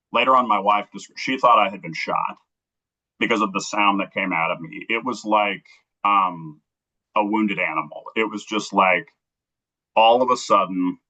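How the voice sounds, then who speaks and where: Low-voiced, earnest man telling his story. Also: bright, forceful tone, low-quality recording. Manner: earnest, heartfelt storytelling that acts out remembered dialogue. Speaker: interview guest. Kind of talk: telling a personal story on a livestream.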